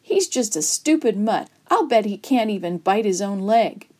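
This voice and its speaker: A woman voicing a taunting older boy bully in a children's story reading, loud and mocking, a little higher than her own voice. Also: lively intonation, moderate pace, natural voice. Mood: scornful.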